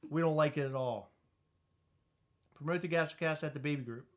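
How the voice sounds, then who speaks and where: A man co-hosting a podcast in casual chat, loud, joking and teasing. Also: fairly high pitch, a little fast. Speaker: podcast co-host.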